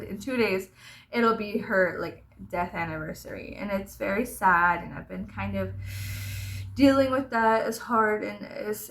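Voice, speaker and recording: Her voice is mid-range and creaky with a fairly bright tone. The young vlogger casually recounts meandering childhood stories to the camera, laughing as she goes and swearing freely.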